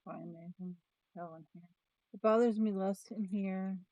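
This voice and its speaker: A woman's voice: mid-range voice, steady tone, moderate pace, darkish tone, no echo, muffled recording. A woman vlogger chatting casually about planners, thinking aloud with restarts and trailing sentences. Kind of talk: casual chat.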